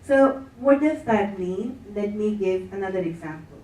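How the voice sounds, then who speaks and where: A woman giving a measured academic lecture as a conference plenary speaker. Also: medium pitch, expressive, a little mellow, far from the mic. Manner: measured, reads quotes aloud. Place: conference hall. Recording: echoey hall, speaker heard from afar.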